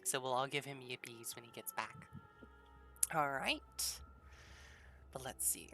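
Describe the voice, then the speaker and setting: A woman's voice: a bass voice, unhurried, music in the background. A woman hosting a tabletop game stream as dungeon master, bubbly and giggly, chatting casually with her players.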